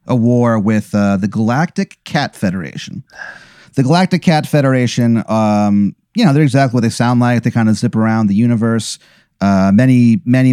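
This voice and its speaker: A man's voice: on the low side, mellow, clear, resonant tone, no room sound, clean studio sound. A man improvising a comic scenario as the storyteller, rambling with fillers. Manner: rambling, with fillers, laughing at his own bits. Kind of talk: improvised comedic narration.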